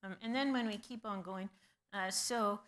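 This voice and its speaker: Bright-voiced woman teaching a Bible class. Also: mid-range voice, moderate pace. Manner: conversational, asks the class questions, many ums. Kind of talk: Bible study lecture.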